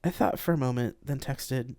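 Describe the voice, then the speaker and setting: An author narrating a first-person space opera, live-streamed, expressive reading. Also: medium pitch, normal speed, no room sound, studio quality. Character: reluctant young man, self-effacing.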